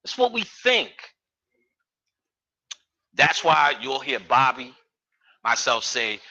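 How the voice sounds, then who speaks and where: A man's voice: medium pitch, big pitch swings, slow pace, pauses often, sharp tone, muffled recording. A man giving a live lecture, profane and streetwise, full of joking asides.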